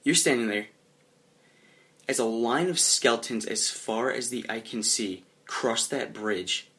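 A young man narrating his character's actions in a comedic tabletop role-play, chuckling as he goes. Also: mid-range voice. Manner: animated, chuckling, drops into quick voiced asides.

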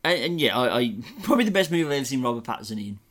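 A man's voice: medium pitch, very animated, rapid-fire, crowd noise. A British man co-hosting a casual film review chat, joking and laughing often. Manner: jokey, laughs often, puts on silly voices. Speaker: podcast co-host.

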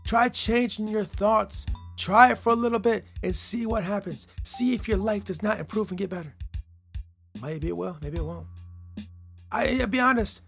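A man hosting a motivational podcast, talking straight to the listener, often tagging lines with "right?" and swinging from loud emphasis to quiet asides. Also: high-pitched, husky. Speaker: podcast host.

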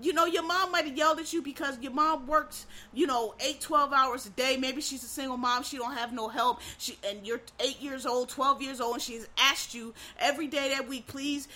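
A woman delivers a heated monologue with a bright, sharp edge to her voice that sits a little high. She swears freely, trips over quick restarts, and keeps pushing up into loud, exasperated bursts. Her talk is blunt and unfiltered throughout. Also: steady tone. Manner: frequent restarts and stammered repeats. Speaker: vlogger. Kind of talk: profane ranting monologue.

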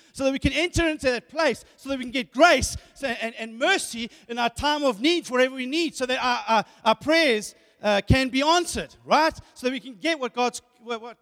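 A man preaching with a very high voice, animated and full of rhetorical questions. He stumbles over repeated words as he builds each point. His voice rings out with a long hall reverb. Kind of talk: sermon.

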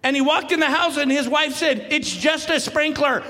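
A man preaching a sermon as pastor, swinging from quiet talk to loud, emphatic calls and laughing often. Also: extremely high pitch, normal speed, long reverb tail.

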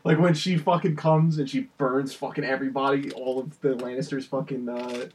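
A young man in casual chat with a husky voice, laughing often, swearing a lot and rambling. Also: medium pitch, level tone, moderate pace, a little hiss or hum. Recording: voice a bit far from the mic.

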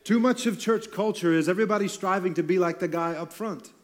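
This pastor's voice is high-pitched and a little fast as he preaches from a church stage. His style is relaxed and chatty, peppered with humorous asides.

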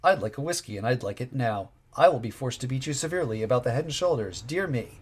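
A man's voice: medium pitch, animated, quick pace, husky. A man reading as a drunk, belligerent woman. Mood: blustering. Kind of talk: reading comic dialogue aloud.

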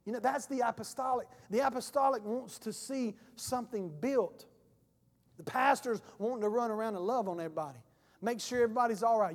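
High-voiced guy preaching a sermon, folksy, does the voices, big church echo. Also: a little fast. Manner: folksy, acts out voices in stories. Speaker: pastor.

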